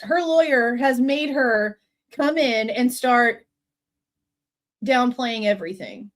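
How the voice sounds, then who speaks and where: A woman's voice: fairly high pitch, sing-song, unhurried. A woman hosting a live true crime reaction show, reading court documents aloud and cutting in with blunt, mocking commentary.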